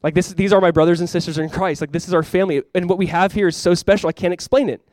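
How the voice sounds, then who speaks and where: A man's voice: high voice, fairly even intonation, racing, a little mellow, no echo, studio quality. A young man preaching a sermon to his church as pastor, earnest and conversational, with many fillers.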